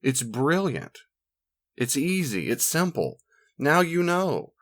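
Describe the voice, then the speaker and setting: A man speaking as a marriage counselor in a casual teaching talk, animated and acting out voices of the people he quotes. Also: on the high side, slow.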